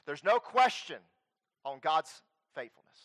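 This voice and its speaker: A male preacher delivering a sermon, swinging between loud emphatic declarations and quiet earnest appeals. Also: on the high side, very animated, a little slow.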